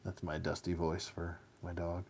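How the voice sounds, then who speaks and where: Laid-back male toy collector, lowish voice, chatty and goofy. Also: little pitch movement, moderate pace, a little mellow, slightly rough. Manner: chatty, goofy, hums silly rhymes. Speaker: toy collector reviewing action figures. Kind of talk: casual hands-on review.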